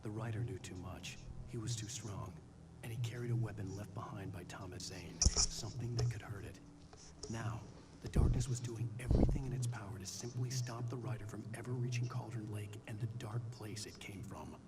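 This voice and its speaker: An actor narrating a game as a haunted writer, in a hushed, breathy near-whisper. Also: male voice, lowish voice, moderate pace, far from the mic, very noisy, natural voice. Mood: ominous.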